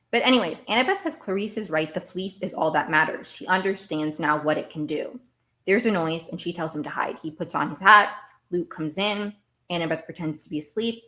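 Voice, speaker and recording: A podcast host with a slightly low voice gives a casual recap of a TV episode. She rambles in an animated way, repeating words as she works her way toward her point.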